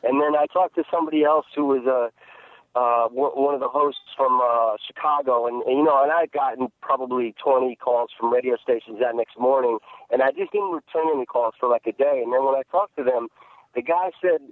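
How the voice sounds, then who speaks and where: Halting man on a tinny phone line. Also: mid-range voice, fairly even intonation, no echo. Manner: halting, many restarts and fillers, laughs often. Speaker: actor guest. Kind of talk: phone interview, casual storytelling.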